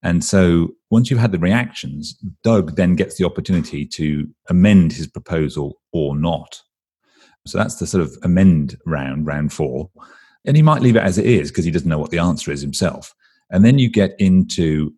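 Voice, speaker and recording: Low, husky-voiced English man explaining. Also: lively intonation, dark tone. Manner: brisk, explanatory, acts out quoted voices. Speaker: guest expert. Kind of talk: explaining in an interview.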